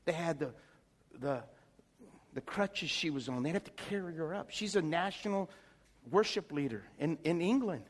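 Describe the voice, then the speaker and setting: A man preaching a sermon, telling stories excitedly and swinging from soft talk to shouts. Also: fairly high pitch, moderate pace. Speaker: pastor.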